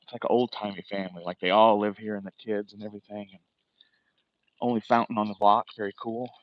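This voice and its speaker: A man's voice: fairly low pitch, little pitch movement, fast, lo-fi sound. Rambling, profane man chatting outdoors. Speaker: livestream host. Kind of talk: casual walking livestream chat. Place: outdoors, walking a residential street.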